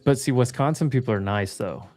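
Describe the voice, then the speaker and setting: A young man talking in a relaxed way as co-host, often restarting and repeating his words. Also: mid-range voice, a little fast, soft background music. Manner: relaxed, stumbles over words, repeats himself. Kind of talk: casual chat.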